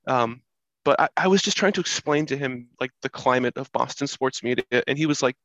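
A man on a casual podcast telling an animated story about a night out. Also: medium pitch, fairly quick, dry recording. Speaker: podcast co-host.

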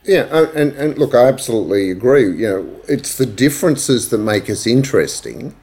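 A man's voice: mid-range voice, sing-song, a little fast, darkish tone, slightly rough. An Australian man with a mid-range voice hosts an interview podcast. He is chatty and friendly and laughs easily with his guest. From Australia, grew up in Asia Pacific. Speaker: podcast host. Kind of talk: conversational interview.

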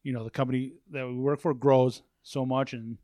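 Chatty male guest, mid-pitched, rambling and profane; dry room sound. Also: flat delivery, a little fast, dark tone, no echo. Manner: rambling storyteller, swears, repeats himself. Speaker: podcast guest, warehouse manager. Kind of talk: casual chat. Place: office at a work facility.

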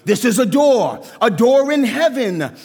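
High-voiced preaching man, reverberant church. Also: unhurried, slightly rough. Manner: animated preaching, acts out quoted voices. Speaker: pastor. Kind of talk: sermon.

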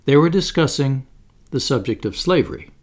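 A man reading a book aloud in measured, formal narration. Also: mid-range voice, big pitch swings. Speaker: audiobook reader. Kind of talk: scripted narration.

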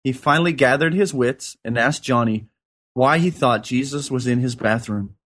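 A man's voice: medium pitch, moderate pace, a bit bright. A man co-hosting a spiritual podcast, chatting casually and reading passages and jokes aloud in an earnest way. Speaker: podcast co-host.

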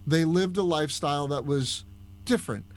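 A man with a Long Island accent, a podcast guest telling stories in a casual, animated chat. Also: on the high side, moderate pace. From Long Island, New York. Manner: storytelling, animated, with restarts. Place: Orlando, Florida.

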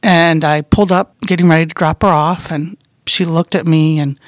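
Soft-spoken middle-aged mother, dry close sound. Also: low-pitched, steady tone, no room sound. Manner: soft, halting, trails off quietly. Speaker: guest, bereaved mother. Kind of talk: emotional interview storytelling.

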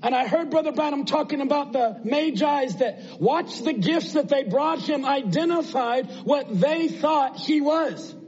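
A man's voice: very high voice, a little slow, hardly any pauses, darkish tone, dull audio. A man preaching a sermon in an earnest, conversational way, asking his listeners rhetorical questions.

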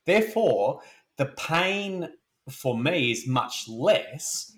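A man's voice: fairly high pitch, lively intonation, very slow, fairly bright tone. A man co-hosting a podcast, blunt and emphatic, repeating his points. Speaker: podcast co-host. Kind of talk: casual opinionated chat. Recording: roomy echo.

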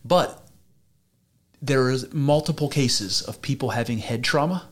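A man in an easygoing conversation who talks plainly and bluntly and now and then swears offhandedly. His voice is of ordinary pitch, and he tells his stories in a loose, natural way. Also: a little slow. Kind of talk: casual conversation.

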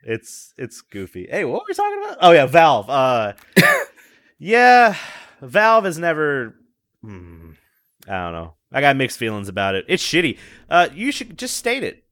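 Animated laughing man, bright lively voice. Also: a little high, a little slow. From American South. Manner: animated, laughs often, swears freely. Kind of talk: casual chat.

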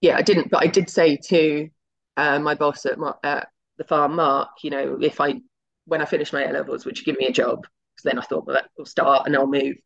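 A middle-aged woman chats through her career story as an interview guest, slipping into little acted-out bits of dialogue. Her voice carries a gravelly edge of vocal fry, and the audio is slightly muffled and lo-fi. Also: low-pitched, steady tone, a little fast. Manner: chatty and anecdotal, acts out quoted dialogue. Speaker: guest, television executive.

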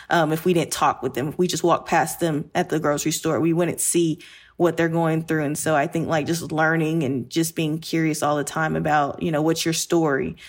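A woman recruiter talking candidly and reflectively in a casual podcast conversation, with many fillers. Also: sits low.

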